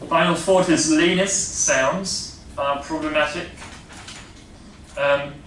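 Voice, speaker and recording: A man's voice: fairly high pitch, steady tone, slow pace, fairly bright tone. Man, Dutch accent, classroom lecture, hesitant fillers, faint room hum, heard from afar. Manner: explanatory, hesitant with many fillers, checks in with "yeah?". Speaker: phonetics lecturer. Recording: echoey lecture room from a distance.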